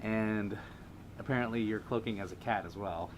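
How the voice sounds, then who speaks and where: A man's voice: lowish voice, normal speed, background noise. A man hosting a casual livestream, reading viewer comments aloud and laughing often. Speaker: livestream host.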